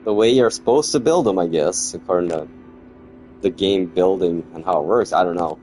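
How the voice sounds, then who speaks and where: Low-voiced man rambling over gameplay. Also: moderate pace, mellow, faint music behind, rough recording. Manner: rambling, chatty, grumbles about the game. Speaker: gaming streamer. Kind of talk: casual gameplay commentary.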